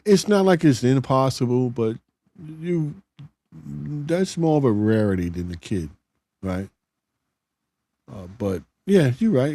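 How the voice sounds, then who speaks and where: This middle-aged man has a warm, medium-pitched voice, recorded dry. He hosts a casual live show and reads out viewer comments, speaking plainly with frequent restarts.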